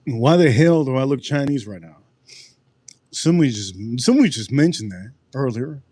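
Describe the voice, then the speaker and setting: A man hosting a casual livestream drink review, talking in a mid-range voice. He rambles and jokes, breaking into animated outbursts now and then. His voice sounds close and dry, with no room echo. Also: medium pitch, normal speed. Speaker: livestream host.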